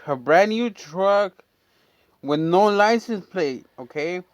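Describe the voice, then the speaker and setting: A man's voice: high-pitched, expressive, takes it slowly, no room sound. A man telling a long, rambling, profane story from his neighborhood in a casual chat, full of fillers. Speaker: storyteller and channel host.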